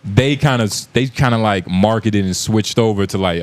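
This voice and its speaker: A man with a fairly low voice hosts a casual podcast with friends. He riffs loosely, trading jokes and stacking up fillers as he goes. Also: moderate pace. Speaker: podcast host.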